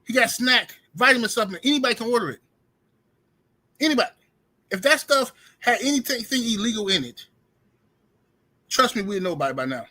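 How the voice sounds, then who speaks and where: A man's voice: sits high, expressive, brisk, sharp tone. A man hosting a casual livestream, ranting in loose slang and greeting his viewers by name. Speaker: livestream host. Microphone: streaming setup mic.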